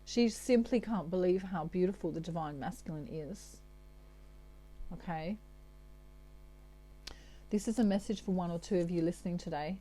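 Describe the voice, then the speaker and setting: An Australian woman giving a chatty tarot reading, often pausing on "okay" between messages. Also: fairly low pitch, warm tone, a little hiss or hum. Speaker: tarot reader. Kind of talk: channeled tarot reading monologue.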